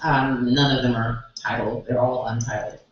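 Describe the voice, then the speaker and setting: A woman's voice: very deep voice, fairly even intonation, moderate pace. A woman from the Virgin Islands, a poet, talking a little nervously between pieces at a cafe open mic. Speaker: spoken word poet. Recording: echoey room, distant lo-fi mic, noise.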